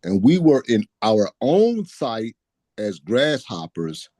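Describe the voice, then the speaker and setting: Deep, slow man reading scripture. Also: big pitch swings, dark tone, no room sound. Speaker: scripture reader.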